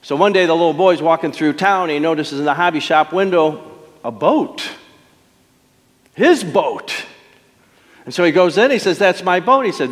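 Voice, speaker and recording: A middle-aged man preaching a sermon as pastor, telling stories with dramatic pauses and emphatic swells. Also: on the high side. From Detroit. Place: church sanctuary. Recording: long church hall reverb.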